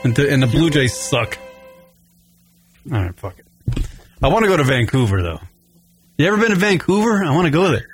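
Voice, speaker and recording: A man with a slightly raised pitch rants in casual talk, swearing freely and breaking into loud outbursts. Faint music plays under his voice. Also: big pitch swings, brisk, pauses often. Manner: profane, ranting, loud bursts. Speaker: podcast co-host. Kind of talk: casual chat.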